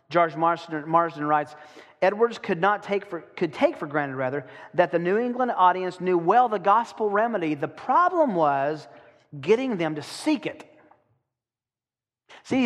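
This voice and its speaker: Man preaching a sermon in a reverberant hall. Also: high-pitched. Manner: preaching with dramatic slowdowns. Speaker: pastor.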